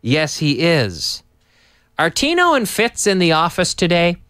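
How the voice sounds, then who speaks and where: A man hosting a live lesson, upbeat and teacherly, repeating phrases slowly for learners. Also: a little high, huge pitch swings, sharp tone, smooth, no room sound, studio quality. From Canada. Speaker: English teacher and host. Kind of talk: live-streamed English lesson.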